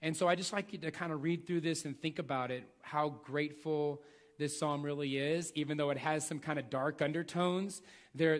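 A man preaching a sermon, reading scripture aloud and pressing his points with earnest repetition. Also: fairly high pitch.

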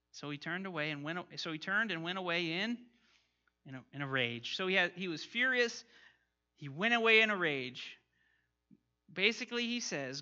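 A man's voice: sits high, sing-song, normal speed, bright, forceful tone, dull audio. A man teaching an interactive Bible lesson, questioning his class and reading scripture aloud.

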